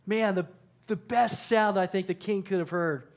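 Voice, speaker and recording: A man's voice: high voice, lively intonation, normal speed. A male pastor preaching a sermon, telling the story with animation and acting out the quotes.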